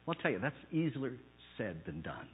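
Male pastor, husky timbre, sermon with personal anecdotes and emphatic peaks, tinny phone-like recording. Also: very animated, a little fast, long reverb tail. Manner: swings from low, hushed phrases to loud, emphatic preaching. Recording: narrow phone-like sound.

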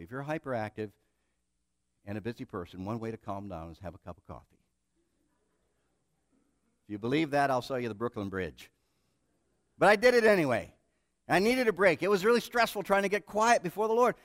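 A middle-aged man preaching a sermon, telling stories with self-deprecating humor and swinging between hushed and loud passages. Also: on the high side, no room sound. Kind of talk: sermon with storytelling.

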